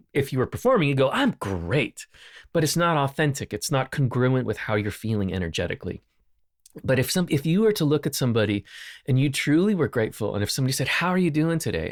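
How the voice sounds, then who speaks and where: A man hosting a solo podcast, talking in an earnest, unhurried way and repeating phrases for emphasis. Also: medium pitch, dry recording, studio quality. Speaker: podcast host. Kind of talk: reflective solo podcast talk. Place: lives in Nashville.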